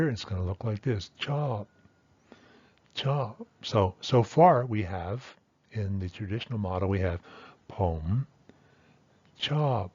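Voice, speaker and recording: A man's voice: fairly low pitch, a little mellow, husky, lo-fi sound. A man teaching a language lesson, patiently explaining and sounding out example words one by one. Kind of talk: explaining pronunciation at a whiteboard.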